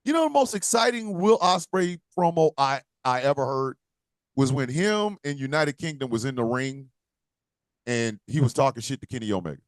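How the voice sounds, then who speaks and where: A man's voice: medium pitch, animated, moderate pace, dry recording, studio quality. A man co-hosting a casual wrestling podcast, ranting with profanity and slipping into mock voices. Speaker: podcast co-host.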